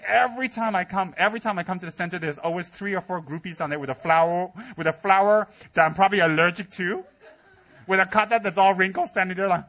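In a teaching center hall, a Buddhist teacher gives a humorous dharma talk to his students. He tells stories animatedly and mimics people, including his students, in high, squealing voices.

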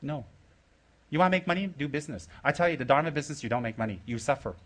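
A man's voice: fairly high pitch, lively intonation, rapid-fire. A middle-aged man giving an informal Dharma talk as a Buddhist teacher, teasing and jokey in blunt short phrases.

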